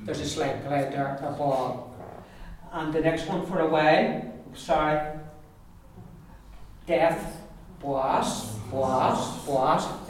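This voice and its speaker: A male language teacher, patiently demonstrating pronunciation by repeating sounds slowly in a classroom. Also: on the high side, heavy reverb, recorded from a distance, slight background noise, low-quality recording. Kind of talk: pronunciation lesson with repeat-after-me drills.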